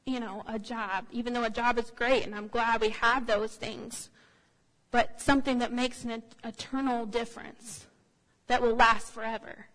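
A woman's voice: a little high, flat delivery, normal speed, fairly bright tone. A woman giving a sermon in a conversational, anecdotal way, with frequent fillers. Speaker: speaker. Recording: long hall reverb.

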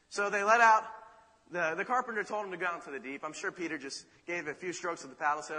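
A man preaches in a high, very bright voice, telling the story with dramatic, animated flair. Long reverb fills the hall around him. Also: quick pace. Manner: dramatic, animated retelling with rhetorical asides. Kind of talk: sermon storytelling.

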